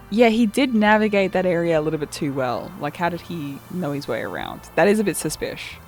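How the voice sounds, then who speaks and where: A woman streamer commenting casually on a video game, chatty and playful. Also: on the low side.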